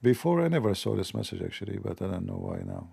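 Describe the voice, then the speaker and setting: Guy chatting on his stream, mellow dark voice, kinda rambly and jokey. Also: fairly low pitch, big pitch swings, fast talker, gravelly, slightly rough. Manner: rambling, joking, talks to viewers. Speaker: live stream host. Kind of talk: casual live-stream chat.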